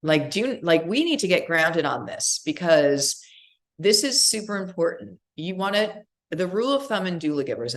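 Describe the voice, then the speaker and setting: Woman, low voice, middle-aged, earnest, emphatic, conversational teaching talk. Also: creaky. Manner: earnest, emphatic, speaks straight to the listener. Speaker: end-of-life doula trainer.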